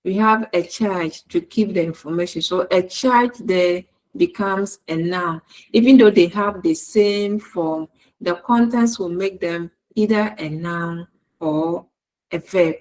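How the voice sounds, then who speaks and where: A woman lecturer with a Ghanaian English accent, giving a recorded university lesson in a slow, deliberate way and repeating her examples word by word. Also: lowish voice, a little mellow, rough recording.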